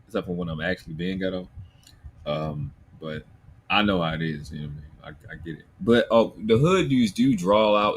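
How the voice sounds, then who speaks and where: This livestream host has a deep, slightly rough voice and a Baltimore accent. He goes through the chat comments in an animated rant, swearing freely and speaking bluntly.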